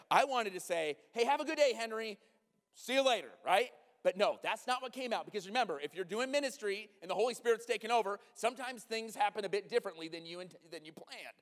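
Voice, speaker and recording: A man preaching a sermon, telling a story animatedly, dropping to a hush and then rising to loud exclamations. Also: high voice. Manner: animated, swings from hushed to loud. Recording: long reverb of a large hall.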